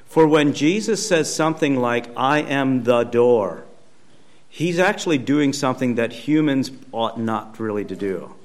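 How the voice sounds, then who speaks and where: A man's voice: mid-range voice, lively intonation, normal speed, few pauses. Man preaching a conversational sermon. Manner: conversational, emphatic repetition. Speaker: pastor. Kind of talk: sermon teaching.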